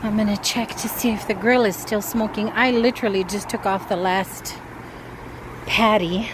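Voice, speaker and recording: Woman vlogger, worried and talkative, shot on a phone outside with clear background noise. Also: mid-range voice, steady tone, normal speed. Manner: anxious, chatty storytelling. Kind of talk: casual vlog talking to camera. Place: outdoors by a grill. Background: wind and outdoor ambience.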